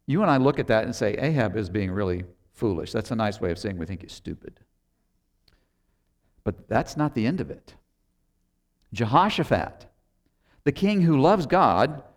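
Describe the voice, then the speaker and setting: A man preaching a sermon, retelling a Bible story conversationally and acting out the characters' lines. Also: on the high side. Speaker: pastor.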